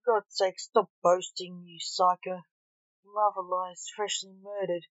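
A woman's voice: lowish voice, little pitch movement, a little slow, no room sound, close to an everyday voice. A woman voicing a grieving, vengeful male coroner who is not human, speaking in a grim, snappish way, on a dull lo-fi recording. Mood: bitter.

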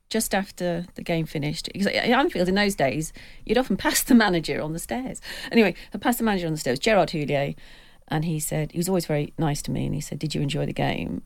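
A middle-aged woman on a sports podcast, spinning an anecdote with gusto and slipping into the voices of the people she quotes. Her voice sits fairly low. The sound is close and dry, with no room echo. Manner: lively storyteller who acts out quoted voices. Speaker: football writer and podcast panellist.

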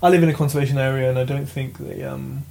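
A British man telling a property auction story in a lively, casual vlog, swearing freely as he goes. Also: medium pitch, quick pace, creaky. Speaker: property investor vlogger. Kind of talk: casual chat.

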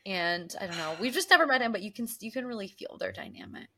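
A young woman co-hosting a casual recap chat, talking through scenes and acting out lines in quick voices. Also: medium pitch, big pitch swings, pushed and bright. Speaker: podcast co-host.

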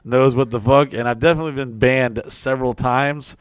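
Man, podcast host, casual profane storytelling, mid-pitched voice, dry close sound. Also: steady tone, brisk, clear, resonant tone, dry recording.

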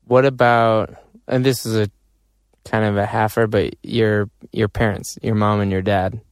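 Halting male interviewer. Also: on the low side, smooth, no room sound, studio quality. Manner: relaxed, halting, searches for words. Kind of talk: casual interview questions.

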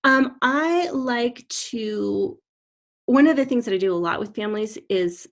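A young adult woman, a speech therapist co-hosting a podcast, speaking in an agreeable, measured way and often affirming her partner. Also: on the high side, animated. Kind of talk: casual podcast chat.

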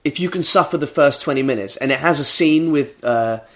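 A man's voice: mid-range voice, brisk. A man co-hosting a casual chat, telling stories sarcastically and acting out quotes. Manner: sarcastic, animated storytelling with put-on quotes. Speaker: podcast co-host. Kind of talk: casual banter.

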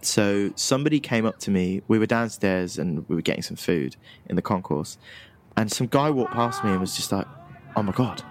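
Lively Birmingham man telling stories. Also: on the low side, normal speed. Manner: animated, laughing storyteller. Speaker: podcast co-host. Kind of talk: casual chat.

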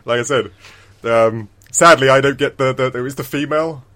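A man's voice: medium pitch, moderate pace, sharp tone, dry recording. A man co-hosting a casual podcast, laughing often and repeating words as he talks. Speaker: podcast co-host. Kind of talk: casual chat.

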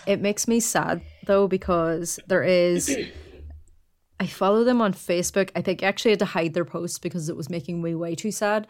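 A woman's voice: lowish voice, moderate pace. A woman co-hosting a podcast, rambling in casual chat and stacking up "like" fillers. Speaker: podcast co-host.

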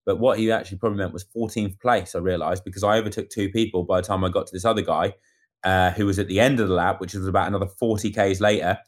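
A man tells a story in casual chat, talking quickly in a fairly low voice. He acts out what others said as he goes, keeping the telling lively. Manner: animated storyteller acting out quotes. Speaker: amateur cyclist recounting a race.

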